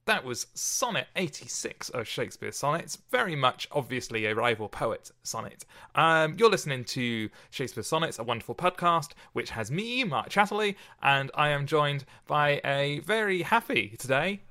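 A man with an Oxfordshire accent hosts a relaxed podcast chat, his bright, forward tone carrying jokes and frequent laughs. He talks in loose, restarting sentences and says he is unwell. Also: fairly high pitch, normal speed, few pauses. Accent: Oxfordshire English. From England. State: ill. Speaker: podcast host. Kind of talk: casual podcast chat and sonnet reading.

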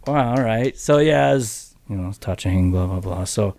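A man's voice: low voice, expressive, moderate pace, gravelly, darkish tone, dry recording. A middle-aged man as a podcast guest, rambling with many restarts and casual swearing as he tells his story. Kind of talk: casual interview chat.

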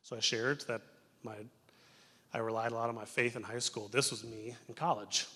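A young adult man preaching a sermon in a church as pastor, telling stories in an animated way that moves between loud and hushed. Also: mid-range voice, moderate pace, slightly rough. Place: church sanctuary. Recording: reverberant church sanctuary.

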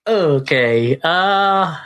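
A man's voice: on the high side, expressive, drawn-out words, fairly bright tone, clean tone. Playful, hyped-up male contestant. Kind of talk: casual game banter.

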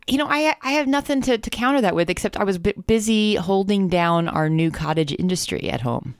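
A woman's voice: medium pitch, animated, a little fast, clear, resonant tone, dry recording, clean studio sound. A woman from New Jersey co-hosting a casual podcast, teasing her co-host and laughing often. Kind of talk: casual chat.

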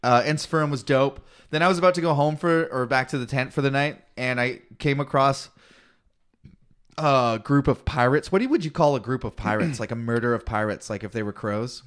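Ein Mann aus Kanada, der als Podcast-Co-Host locker plaudert und seine Geschichte mit viel Fluchen und lebhaft nachgespielten Zitaten erzählt. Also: male voice, medium pitch, fairly quick, clean tone. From Canada. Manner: swearing storyteller, animated quoting. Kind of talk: casual chat.

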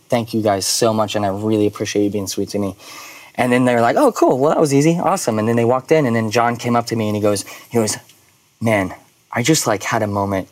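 A man with a mid-range voice tells a casual story about working as a photographer, animated and full of filler words as he acts out quoted dialogue. The recording is dry.

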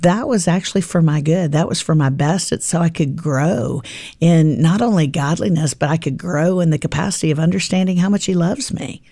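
A woman's voice: low voice, brisk, no echo, clean studio sound. A middle-aged woman on a faith podcast, chatting and telling family stories, acting out the dialogue. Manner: warm storytelling, acts out dialogue with her daughter. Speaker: podcast guest, author. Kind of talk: casual faith podcast chat.

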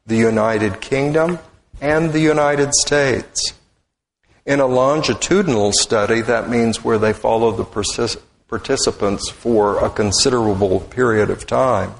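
Man, minister, sermon, slow measured delivery, roomy church with long reverb. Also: medium pitch. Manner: deliberate, speaks in short measured phrases. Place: church sanctuary. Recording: echoey hall with long reverb.

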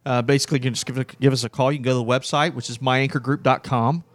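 A man as a guest on a radio show, briskly plugging a free book. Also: mid-range voice, fairly even intonation, dry recording.

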